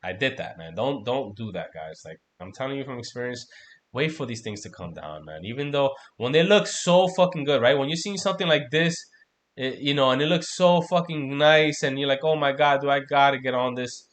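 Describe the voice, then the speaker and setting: A man's voice: mid-range voice, lively intonation, brisk, fairly bright tone. A man hosting a casual trading livestream, talking loosely and profanely while going over charts, peppering his talk with "man" and "right?". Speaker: crypto trading stream host.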